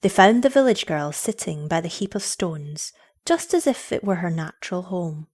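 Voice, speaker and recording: A woman giving an expressive scripted story narration. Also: lowish voice, moderate pace, husky.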